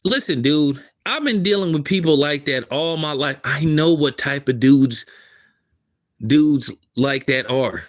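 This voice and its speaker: Speaking a little slowly in a voice on the high side, this man hosts opinionated commentary. His casual, emphatic delivery leans on street slang, and he repeats points to drive them home.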